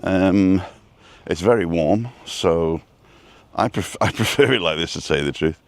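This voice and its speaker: A man with a low, deep voice chats away casually on a live stream while walking down a street outdoors. He rambles, greets viewers by name, and talks into a phone held on a selfie stick. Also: a little slow, no echo. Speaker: vlog host.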